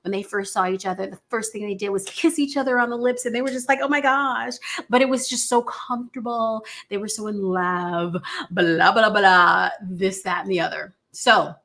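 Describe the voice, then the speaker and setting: A woman casually recapping a TV series at home, chatty and animated, tossing in filler asides as she retells the story. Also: mid-range voice, moderate pace. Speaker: show recap reviewer. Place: home room by a glass sliding door.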